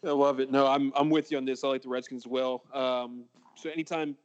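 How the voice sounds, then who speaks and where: A man's voice: medium pitch, flat delivery, a little fast, muffled recording. A man hosting a sports podcast, laid-back and hesitant, full of ums as he makes his pick. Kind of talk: casual sports talk.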